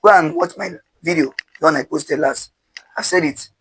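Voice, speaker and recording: A man's voice: on the high side, sing-song, moderate pace, creaky, a bit bright, a little hiss or hum, low-quality recording. A man teaching pronunciation step by step, drilling syllables with call-and-response and asking rhetorical questions.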